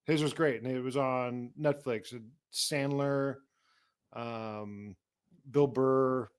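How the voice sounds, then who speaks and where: A man's voice: mid-range voice, steady tone, takes it slowly, smooth. A man co-hosting a podcast in casual chat, dropping dry, laid-back quips. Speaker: podcast co-host.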